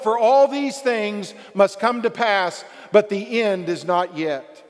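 A man preaching a sermon as pastor, emphatic and building to shouted passages. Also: high voice, slow pace, few pauses, in a large hall.

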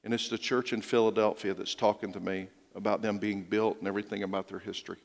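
A middle-aged man preaching a sermon as a pastor, telling stories with hushed quoted lines and rising urgency. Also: on the low side, level tone, fast, vocal fry. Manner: storytelling, dropping to a hushed voice for quoted lines and rising when urging. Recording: long reverb of a large hall.

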